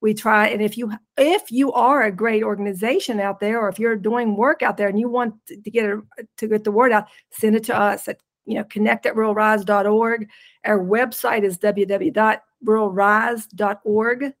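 A woman's voice: medium pitch, steady tone, normal speed. A woman with a pronounced West Virginia accent, a podcast guest talking casually and unhurriedly, laughing easily. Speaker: podcast guest, rural nonprofit leader. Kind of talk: casual interview chat.

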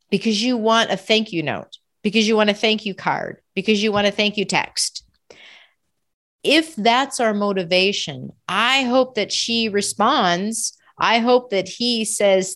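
A woman's voice: mid-range voice, a bit bright. A woman giving an earnest devotional reflection on scripture, with rhetorical questions and prayerful asides. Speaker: Catholic speaker reflecting on scripture.

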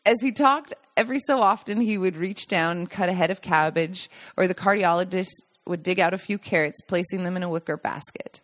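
Woman, podcast host, memoir reading, somewhat low pitch, warm storytelling, occasional slips and restarts. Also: fairly quick, no echo. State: choked up at times. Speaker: podcast host reading her own book.

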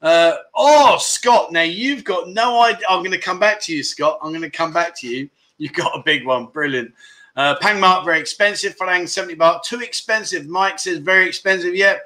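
A man chats on a casual livestream and reads out viewer comments. He jokes and teases as he goes, in a high, bright voice that rings clearly. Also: normal speed. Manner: jokey, teasing viewers, laughs often. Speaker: livestream host.

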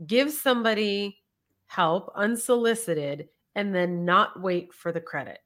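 A woman's voice: medium pitch, a little slow, a bit bright. A woman hosting an interview, reflective and encouraging toward her guest. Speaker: host. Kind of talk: interview chat.

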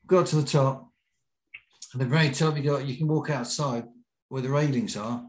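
A man's voice: medium pitch, normal speed. British guy telling a daredevil story, acts out all the voices, echoey room. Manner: lively anecdote teller, acting out quotes. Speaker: podcast guest, BASE jumper. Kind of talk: storytelling in an interview. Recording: roomy echo.

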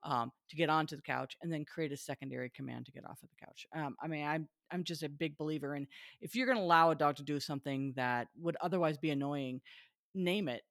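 A woman dog trainer in casual chat, talking in a chatty, lively way and laughing often. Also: low voice, fast, no room sound, clean studio sound.

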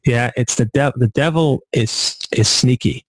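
Animated man hosting a podcast. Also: mid-range voice, unhurried. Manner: animated, emphatic, lots of "like". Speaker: podcast host. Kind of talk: casual interview conversation.

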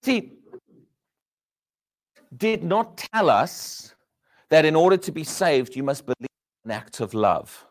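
Male preacher, high and lively pitch, sermon full of rhetorical questions, shifting between loud and hushed lines. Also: slow pace, pauses often.

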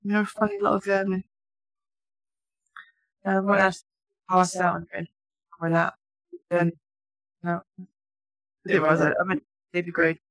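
A woman's voice: fairly low pitch, little pitch movement, measured pace, long pauses, fairly bright tone, dry recording. A woman co-hosting a podcast, a new mother chatting casually and laughing at her own stories. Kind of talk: casual chat.

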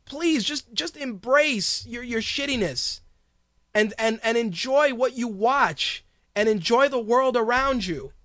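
A man's voice: very high voice, a bit bright, no echo, clean studio sound. A man hosting a podcast, ranting bluntly and crudely in a heated, profane monologue. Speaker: podcast host.

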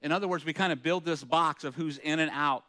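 Guy preaching a sermon, kinda high-ish voice, earnest, reads verses then talks it through. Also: brisk, sharp tone. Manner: earnest, conversational preaching with rhetorical questions; reads scripture aloud between comments. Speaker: pastor.

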